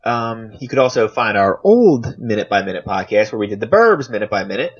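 A man's voice: fairly low pitch, sing-song, fairly quick, husky, muffled recording. A man hosting a podcast in casual, joking chat. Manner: joking, chatty, with restarts. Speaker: podcast host.

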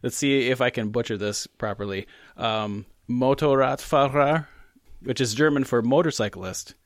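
A man's voice: mid-range voice, moderate pace, no room sound, clean studio sound. A man co-hosting a casual podcast chat, rambling and joking as he corrects himself. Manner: rambling, self-correcting, jokey. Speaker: podcast co-host.

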